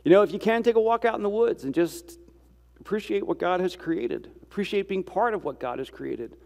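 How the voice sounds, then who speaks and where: Man, high-pitched, easygoing devotional speaker who asks the audience questions and teases himself, long room echo. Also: animated, fairly quick, creaky, a little mellow. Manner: rhetorical questions and self-deprecating asides. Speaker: speaker giving a reflective Christian talk. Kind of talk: conversational devotional talk.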